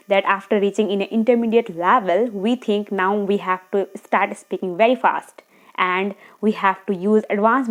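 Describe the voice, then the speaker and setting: A woman giving earnest, encouraging speaking tips straight to camera, talking fast at times and checking in with her viewers. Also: medium pitch. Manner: talks fast, sometimes slows down deliberately. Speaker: English-speaking coach. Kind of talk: tutorial monologue to camera.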